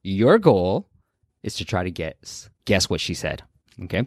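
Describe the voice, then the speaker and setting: A man's voice: low-pitched, big pitch swings, a little slow, dry recording, clean studio sound. A man hosting a podcast, telling a family story in a playful way and laughing easily. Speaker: podcast host. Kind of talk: casual podcast chat.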